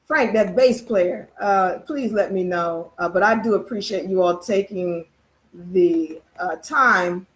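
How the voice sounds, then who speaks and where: A woman's voice: mid-range voice, slow pace. A woman hosting a casual live-stream talk, telling a parable at a meandering pace with many fillers, restarts and rhetorical questions.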